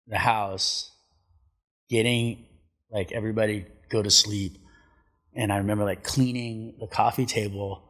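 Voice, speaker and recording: A man's voice: fairly low pitch, fairly bright tone. A middle-aged man telling stories in a casual chat, laid-back, swearing a lot and acting out what people said. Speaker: podcast guest, pro surfer. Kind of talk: casual storytelling. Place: studio.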